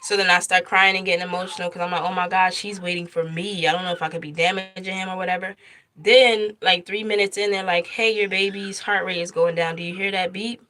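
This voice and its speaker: Bright, animated young mother storytelling. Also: lowish voice, a little fast. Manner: animated retelling, acts out quoted lines. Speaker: mother telling her birth story. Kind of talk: casual storytime vlog.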